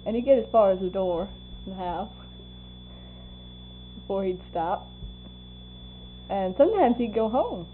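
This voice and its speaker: Her mid-range voice is unhurried and full of pauses as this older woman tells oral history stories about people, laughing and acting out what they said. A faint hum runs under the tinny lo-fi tape.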